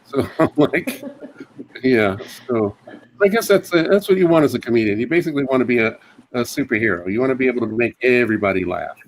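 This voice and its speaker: A man doing a casual stand-up set at a comedy round table, with many fillers and sudden high put-on voices for his bits. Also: expressive, fast talker, a little hiss or hum, low-quality recording.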